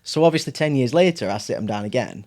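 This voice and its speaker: A man, a podcast guest telling a story in casual chat, animated, acting out his family's voices and laughing often. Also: medium pitch, fast.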